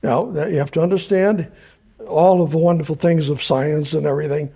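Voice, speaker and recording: A man's voice: on the high side, steady tone, a little fast, vocal fry, mellow, slightly rough. An older man teaching verse by verse from the Bible, rambling and repeating himself as he paraphrases scripture. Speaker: preacher.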